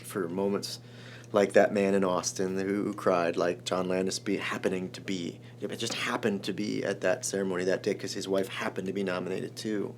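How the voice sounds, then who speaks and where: Low-voiced man telling a story. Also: normal speed, background noise. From Chicago. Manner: animated, rambling storyteller, restarts often. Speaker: screenwriter guest. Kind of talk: emotional storytelling in an interview.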